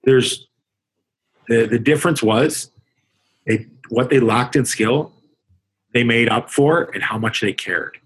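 A man's voice: mid-range voice, slow pace, pauses often, breathy edge, poor audio. A man from Canada, a hockey coach, talking through his coaching experiences in a casual interview, reflective and full of restarts. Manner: conversational, reflective, with frequent restarts.

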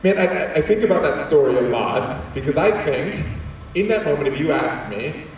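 A man telling a personal story to an audience of students, animated and quick to act out voices, with many restarts. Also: fairly high pitch, slight background noise. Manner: animated, acts out voices, repeats words. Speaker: speaker addressing students. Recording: echoey hall from far off.

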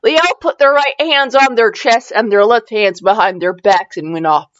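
A woman hosting a fan fiction reading podcast, excitable and giggly, wired on caffeine and prone to laughing tangents. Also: fairly high pitch, moderate pace, muffled recording, slight background noise. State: wired on caffeine after little sleep. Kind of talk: comedic dramatic reading.

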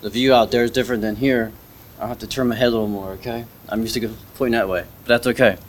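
A man delivers a sermon to a church congregation in an easy, conversational manner. He hesitates often, restarts his sentences and asks his listeners questions. His voice sits in a middle pitch. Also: fairly even intonation, fast talker, a little hiss or hum. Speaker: preacher. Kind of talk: informal sermon with story. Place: church service.

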